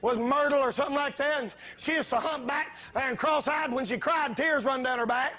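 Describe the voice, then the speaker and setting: A male preacher with a strikingly high voice delivers a fiery revival sermon. He spins homespun stories and then climbs into shouted exhortations. The recording sounds dull and lo-fi. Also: fairly quick. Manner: folksy storytelling that builds to shouting.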